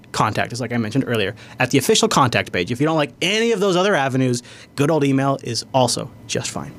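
A man hosting a tech podcast in casual chat, rambling and animated, laughing often. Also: mid-range voice. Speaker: podcast host.

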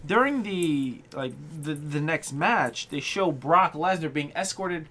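A man's voice: a little high, expressive, unhurried, pushed and bright. A man co-hosting a casual chat, laughing often and acting out quotes as he recaps. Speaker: podcast co-host.

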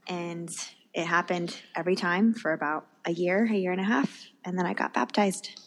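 A woman's voice: on the low side, steady tone, brisk. Candid woman sharing her faith testimony. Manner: candid, open and earnest. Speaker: guest.

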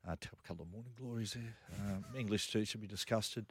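A man's voice: lowish voice, fast talker, breathy edge, no echo, clean studio sound. Chatty male radio host. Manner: laughing, rambling storyteller. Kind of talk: casual banter and storytelling.

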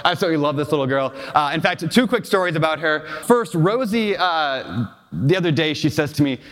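Fairly high-pitched and fairly quick, with lively intonation and a slightly bright tone, a real estate investor gives a storytelling keynote. In a large hall, he relates emotional personal stories and questions the live audience amid long reverb.

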